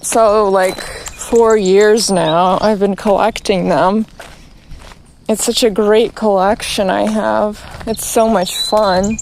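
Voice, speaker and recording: Slow, exasperated, swearing woman streamer. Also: mid-range voice, steady tone, creaky, a little mellow, slight background noise. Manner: exasperated, profane, rambling with many restarts. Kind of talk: ranting to camera.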